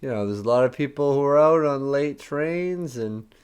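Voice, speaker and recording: A man's voice: medium pitch, animated, moderate pace, a little mellow, smooth. A man co-hosting a casual movie recap podcast. He adds short, wry comments and fills in words for his co-host. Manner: dry, wry asides that supply missing words.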